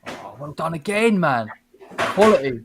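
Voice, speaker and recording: A man co-hosting a football watchalong, reacting to play in an animated way and urging players on. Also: on the high side, unhurried, background noise. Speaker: co-host of a fan channel watchalong. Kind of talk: excited live match commentary.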